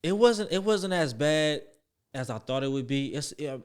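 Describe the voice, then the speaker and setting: Young guy on a podcast telling a story, acts out the voices, goes whisper quiet then real loud. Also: a little high, normal speed, clear, resonant tone. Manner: animated storyteller who acts out quoted voices, drops to near-whispers and jumps up loud. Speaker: podcast guest, former football player. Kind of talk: storytelling in a casual interview.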